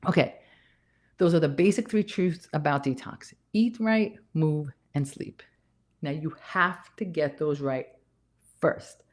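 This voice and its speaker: A woman's voice: deep voice, takes it slowly. A woman nurse practitioner giving a casual health talk, emphatic and repeating key points, a little out of breath. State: slightly out of breath.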